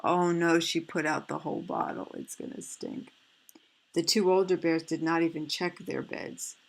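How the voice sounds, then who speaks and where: A woman reading a picture book aloud, stopping for gentle, fretful asides. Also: sits low, steady tone, normal speed, vocal fry, low-quality recording. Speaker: storyteller.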